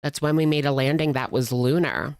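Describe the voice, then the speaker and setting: Talking a little fast in a dark, bass voice, a woman hosts reaction commentary from home, close to the mic with no room sound. Her delivery is sarcastic and chatty, packed with "like."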